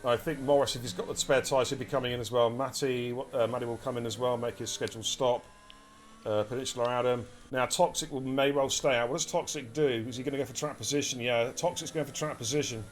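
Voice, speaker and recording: A man's voice: mid-range voice, quick pace. Guy calling a sim race live, hyped and chatty, bit of hiss behind him. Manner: excitable, chatty, addresses chat directly. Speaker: race commentator and streamer. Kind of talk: live esports race commentary.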